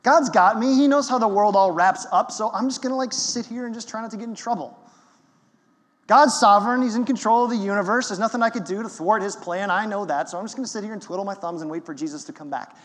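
A preacher putting on a breezy, self-satisfied churchgoer in a raised, lilting voice, brushing off all responsibility. The sound carries a long reverb from a large hall. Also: male voice, high-pitched, quick pace, a bit bright, pitched above the performer's own voice. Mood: smug. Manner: mocking, carefree. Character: smug, complacent male churchgoer.

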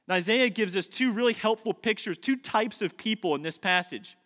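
A man in his thirties preaching a sermon in a church, stressing key words by repeating them slowly. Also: high-pitched, fairly bright tone. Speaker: pastor. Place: church sanctuary. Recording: long reverb of a large hall.

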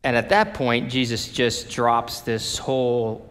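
A male pastor preaching a sermon, telling the story in an animated way and acting out the people in it. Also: medium pitch, a little slow, few pauses. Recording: long reverb of a large hall.

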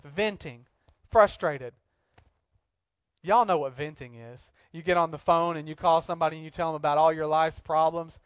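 A preacher delivers a lively sermon, jumping into playful acted-out asides. His voice sits high for a man, and the recording is close and dry with no room echo. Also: moderate pace, clear, resonant tone. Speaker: pastor.

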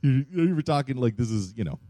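A man's voice: medium pitch, lively intonation, brisk, warm tone, no room sound. A man in his thirties preaching an informal, conversational sermon, mixing personal stories with teaching and often checking in with "right?" asides. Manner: informal, self-deprecating, frequent "right?" asides. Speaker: pastor.

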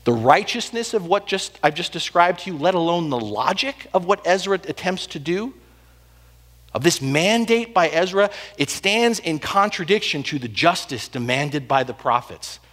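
A man preaching a sermon, telling the story with animated swings between loud and hushed delivery. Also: a little high, normal speed. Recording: long hall reverb.

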